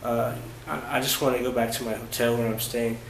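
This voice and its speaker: A man vlogging about his travels, recounting events in a casual, halting way with many fillers and restarts. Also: mid-range voice, little pitch movement. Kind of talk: casual first-person storytelling. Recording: roomy echo with faint ambient noise.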